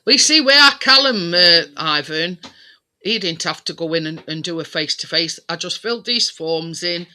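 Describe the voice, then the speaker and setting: A man's voice: a little high, lively intonation, moderate pace, sharp tone. A man hosting a casual chat, talking chattily and repeating himself as he quotes conversations. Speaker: livestream host.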